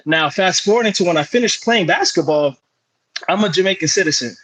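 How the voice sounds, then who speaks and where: A young man, a sports broadcaster, chatting as an interview guest and telling animated stories with plenty of fillers and restarts. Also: high-pitched, fairly quick, slightly rough, poor audio. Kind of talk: casual interview chat.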